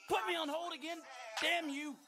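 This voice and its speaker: A man voicing a panicked character in a video game, frantic and swearing, whisper-shouting as he pleads for help. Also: very high-pitched, fairly even intonation, moderate pace. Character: panicked man hiding from a killer. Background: loud music.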